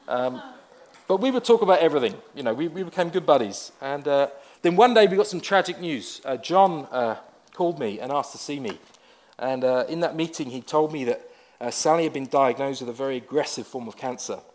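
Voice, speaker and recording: Man preaching a conversational sermon. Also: fairly high pitch. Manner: conversational storytelling with wry asides. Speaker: pastor.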